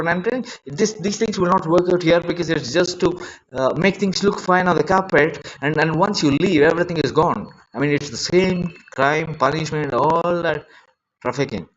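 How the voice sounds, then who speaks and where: A man's voice: on the high side, dull audio, slight background noise. Agitated man rambling on a live stream. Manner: rambling, repetitive, agitated and emotional. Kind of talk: unscripted live-stream monologue. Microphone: phone.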